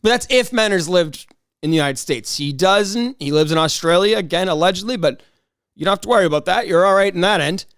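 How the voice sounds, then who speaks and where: A man hosting a solo podcast, rambling in a casual, excitable way with frequent restarts and mock outrage. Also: sits high, a little fast, no room sound, studio quality. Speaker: podcast host.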